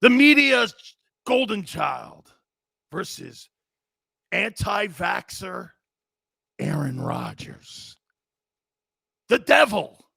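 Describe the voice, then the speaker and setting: A man hosting a sports talk show, giving animated, sarcastic, ranting opinions. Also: high-pitched, extremely slow, creaky, pauses often, slightly rough, dry recording, studio quality.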